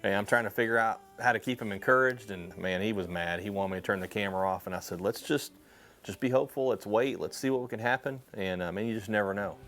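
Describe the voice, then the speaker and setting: Low-voiced man hunting partner. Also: fast talker, fairly bright tone.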